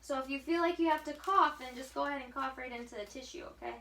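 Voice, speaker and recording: Woman, physical therapist, encouraging bedside coaching, counts breaths aloud, high voice, distant echoey room. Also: quick pace, bright, forceful tone. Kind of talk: coaching a patient through exercises. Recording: echoey room, far from mic, faint hiss.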